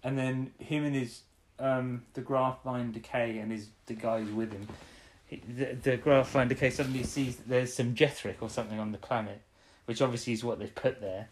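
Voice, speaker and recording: A woman's voice: a bass voice, steady tone, moderate pace, few pauses, a little mellow. A woman co-hosting a podcast, casually recapping an episode, rambling and laughing often. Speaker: podcast co-host.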